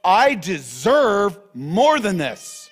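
A man voicing an indignant, self-pitying prophet who shouts his complaints in a high strained voice. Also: big pitch swings, drawn-out words, husky, faint music behind, exaggerated voice. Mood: defiant.

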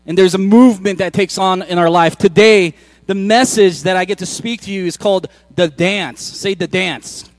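A man with a notably high voice preaches to his congregation in an easygoing, joking way, often restarting his sentences. He sounds middle-aged. The sound is close and dry. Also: moderate pace, no room sound. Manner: conversational, joking asides with frequent restarts. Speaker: pastor. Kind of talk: sermon. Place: church.

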